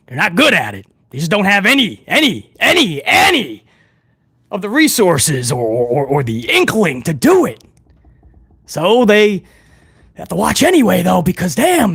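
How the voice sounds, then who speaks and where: A man hosting a wrestling news talk show, animated and profane, rambling through his points. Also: sits high, moderate pace, husky, no room sound, clean studio sound. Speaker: host.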